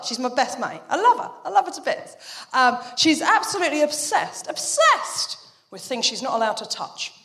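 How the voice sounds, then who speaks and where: A young adult woman doing live stand-up, telling stories quickly and animatedly with swearing and asides. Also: high-pitched, big-room sound, noisy background. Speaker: stand-up comedian.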